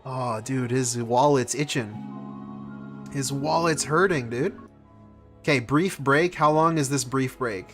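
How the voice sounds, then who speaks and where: Dude mocking a streamer clip, sarcastic casual commentary, middle-pitched voice. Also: male voice, slow pace, fairly bright tone, faint music behind. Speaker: reaction streamer host.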